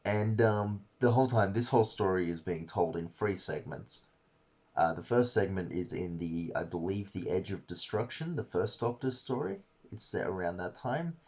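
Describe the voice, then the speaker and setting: A man's voice: sits low, moderate pace, darkish tone, breathy edge. A man hosting a podcast, casually retelling a story in a rambling way with fillers and the odd swear word. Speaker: podcast host.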